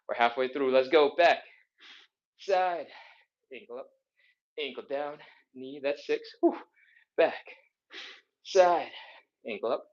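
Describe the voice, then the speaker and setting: A male fitness instructor with a mid-range voice leads a live mobility and stretching workout, counting reps out loud as he exercises. He sounds a little winded, and the audio has its high frequencies cut off.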